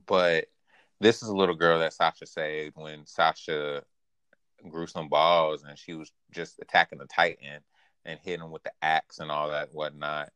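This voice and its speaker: A man's voice: very deep voice, flat delivery, moderate pace, a bit bright, clear, resonant tone, no room sound. A man co-hosting a casual recap podcast, talking animatedly, laughing often and quoting characters in a raised voice. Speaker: podcast co-host. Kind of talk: casual anime recap chat.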